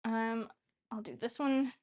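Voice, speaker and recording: A young woman with a high, bright-pitched voice chats her way through cooking in her home kitchen. She rambles, jokes about herself and keeps up casual banter with her viewers as she works. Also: steady tone, takes it slowly. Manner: chatty, self-mocking, talks while cooking. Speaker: cooking show host.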